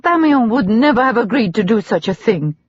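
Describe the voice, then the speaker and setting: A woman's voice: a little high, lively intonation, brisk, slightly rough, dry recording, highs cut off, voice pushed up. A narrator voicing an earnest, insistent young woman defending a friend's honor.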